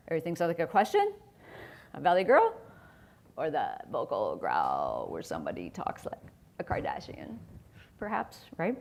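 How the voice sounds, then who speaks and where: Chatty woman presenting at a conference. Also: fairly low pitch. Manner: conversational, chatty, laughs often. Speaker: conference speaker. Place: conference stage.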